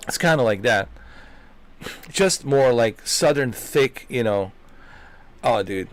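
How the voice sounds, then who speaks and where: A male gaming host chats off the cuff at a middling pitch, wandering from point to point. He swears freely and circles back over the same lines. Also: very animated, slow, pauses often. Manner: rambling, swearing, repeating himself. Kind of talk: rambling casual chat.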